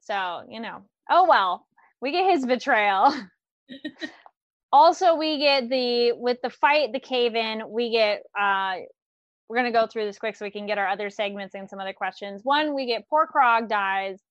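Casting note: woman podcast host, fairly high voice, lively recap, dry dull recording. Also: moderate pace, dry recording. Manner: animated, exclamatory, quotes reactions. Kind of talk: casual recap chat.

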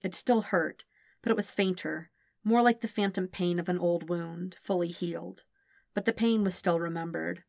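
A woman reading a fan fiction audiobook in a steady, gentle storytelling manner. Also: fairly low pitch, normal speed, vocal fry, dry recording, studio quality. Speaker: podfic reader.

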